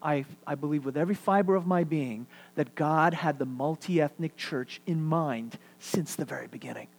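Brief: middle-aged male pastor, lively sermon delivery, voice a bit on the high side, repeats key lines. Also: normal speed, gravelly. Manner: animated preaching, swings between loud emphasis and quiet asides; repeats phrases for emphasis.

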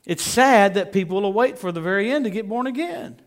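A middle-aged man delivers a sermon in a slightly raised voice. He is animated and playful, veering from loud, emphatic lines to soft, confiding asides. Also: high voice, a little fast. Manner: animated, jokey, swings from loud to hushed. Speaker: preacher.

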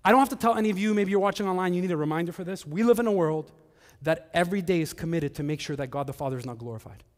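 A male pastor preaching a sermon, earnest, moving between hushed and emphatic. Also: high-pitched, rapid-fire, long reverb tail.

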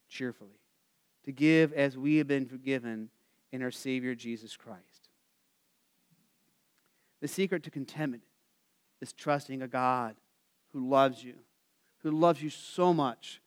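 A male pastor preaching a sermon, asking the congregation to answer back, rising animated and then dropping soft at phrase ends. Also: mid-range voice, smooth. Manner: asks the congregation for call-and-response answers.

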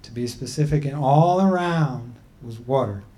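Measured man telling a traditional story. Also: medium pitch, warm tone. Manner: measured, deliberate, with pauses. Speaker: speaker. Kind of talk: storytelling talk.

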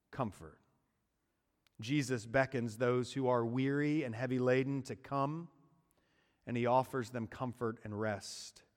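A man preaching a sermon, using dramatic pauses and dropping to hushed endings on key words. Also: medium pitch. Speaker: pastor. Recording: long hall reverb.

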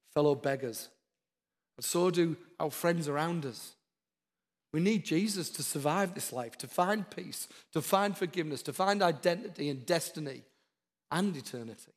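Man preaching in a reverberant hall. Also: a little high. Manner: earnest, repetitive exhortations. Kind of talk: sermon.

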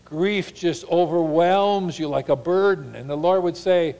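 A man preaching a sermon as a pastor, earnest, slowing and softening on key lines and slipping into mock voices to paraphrase. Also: fairly high pitch, creaky.

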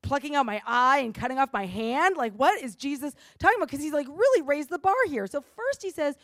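A woman's voice: sits high, expressive, a little fast, fairly bright tone, dry recording, studio quality. A woman preaching a conversational sermon, talking casually, often saying "like" and checking in with "right?".

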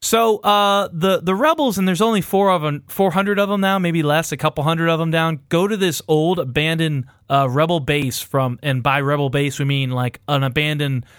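A man's voice: fairly high pitch, steady tone, normal speed, few pauses, a bit bright, no room sound, studio quality. A man recapping a movie in casual, profane podcast chat, rambling and irreverent and laughing as he goes. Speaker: podcast host recapping a film.

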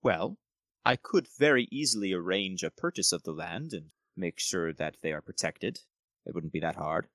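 A man doing a cursed lord whose sincere courtesy feels faintly unsettling. The voice is bright and swings freely in pitch. It is recorded close and dry. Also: lively intonation, normal speed, no room sound. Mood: courteous. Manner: courteous, smooth and welcoming.

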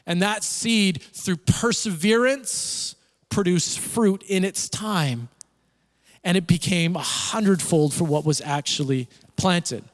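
A man's voice: high voice, slow. A man preaching a Sunday sermon with emphatic, repeated phrases that build in intensity. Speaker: pastor. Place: church hall. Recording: church hall reverb.

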